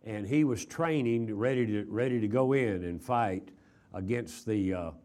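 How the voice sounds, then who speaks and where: A man's voice: fairly low pitch, a little slow, a little mellow. An older man from Texas preaching a chapel sermon, telling stories in a folksy way with frequent fillers and repeated words. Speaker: traveling preacher.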